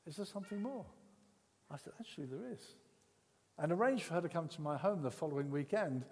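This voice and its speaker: An older man from England preaching a sermon, telling his own story with repeated words and swings between loud and hushed speech. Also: on the high side, expressive, quick pace, long reverb tail, slight background noise. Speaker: pastor. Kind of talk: sermon with personal testimony.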